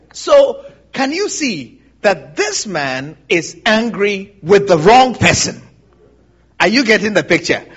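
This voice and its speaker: A man's voice: very high voice, slightly rough, highs cut off. A man preaching an interactive Bible teaching, often asking the congregation if they understand and laughing along. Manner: animated, asks the congregation questions, laughs often. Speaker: pastor.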